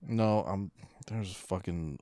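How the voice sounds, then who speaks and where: A man's voice: low-pitched, slow pace, warm tone. A man co-hosting a casual movie commentary, laid-back, giving short replies and swearing casually. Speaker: co-host of a movie commentary podcast.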